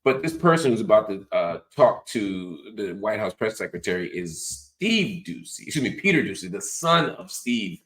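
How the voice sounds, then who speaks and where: Deep-voiced sarcastic man. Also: normal speed, hardly any pauses. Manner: animated, sarcastic, mocking. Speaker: host. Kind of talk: political commentary.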